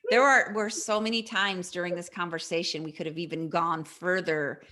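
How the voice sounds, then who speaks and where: A woman's voice: on the low side, steady tone, normal speed, pushed and bright. A woman hosting a podcast interview, effusive and enthusiastic, speaking to her guest and listeners. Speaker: podcast host.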